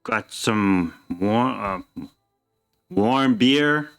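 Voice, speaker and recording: A man's voice: on the low side, expressive, extremely slow, soft background music, exaggerated voice. A man voicing an evasive middle-aged innkeeper who dodges questions in a folksy drawl. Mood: wheedling.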